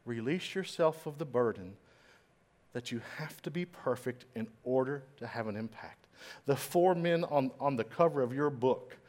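A man's voice: medium pitch, lively intonation, moderate pace, a little mellow. A man giving a humorous motivational talk to a live audience, joking at his own expense and sometimes stumbling over words. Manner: self-deprecating, joking; admits trouble with certain words, occasional stammer. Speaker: invited speaker.

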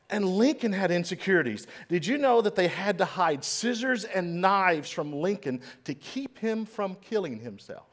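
A man's voice: high-pitched, animated, normal speed, hardly any pauses. Joking man giving a talk. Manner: self-deprecating, joking; admits trouble with certain words, occasional stammer. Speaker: invited speaker. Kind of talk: humorous motivational speech to a live audience.

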